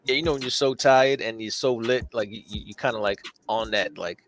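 A man's voice: mid-range voice, fairly quick, a bit bright, slight background noise. A middle-aged man, co-host of a comic-art livestream, telling a rambling story in casual slang with lots of filler words.

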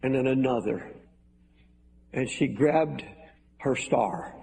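A man's voice: medium pitch, takes it slowly, gravelly, warm tone. An older man preaching a sermon to a large congregation, in an earnest, pleading manner. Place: large hall with balcony. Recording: echoey hall, faint noise.

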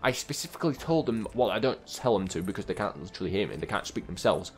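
A young man casually commentating his video game play, chatty and quick to get exasperated at the characters on screen. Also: on the low side, expressive, husky. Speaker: gaming channel host.

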